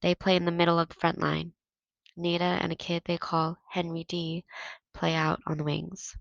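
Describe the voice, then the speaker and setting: Low, gravelly woman reading a novel aloud. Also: normal speed, dry recording, lo-fi sound. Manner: steady first-person narration.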